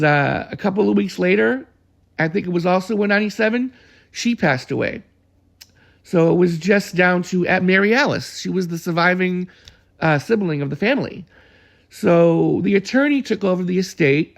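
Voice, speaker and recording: Gravelly man reminiscing casually. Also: high-pitched. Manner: rambling, with restarts and chuckles. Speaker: storyteller.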